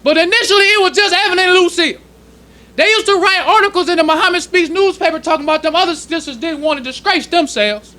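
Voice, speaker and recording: A male minister teaching a sermon to a congregation in plain, casual speech, slowing down when he reads passages aloud. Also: very high voice, sharp tone. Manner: preaching in casual street-level speech, slowing to read quoted passages. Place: temple congregation hall.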